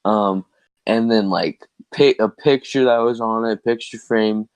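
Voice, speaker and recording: Slow laid-back young man. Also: on the low side, clear, resonant tone, no room sound. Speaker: podcast co-host. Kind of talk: casual storytelling chat. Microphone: headset.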